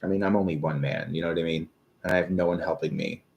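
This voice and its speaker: A man's voice: low voice, steady tone, fast talker, highs cut off. A man in his thirties giving live-stream tarot readings, rambling and hesitant with many fillers. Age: 30s. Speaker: tarot reader.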